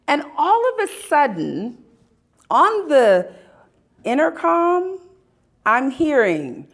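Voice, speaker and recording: A woman giving a live talk at an expo, telling personal stories with emphatic, dramatic pauses. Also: high-pitched, wildly swooping pitch. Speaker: speaker at a spirituality expo. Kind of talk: live storytelling talk to an audience.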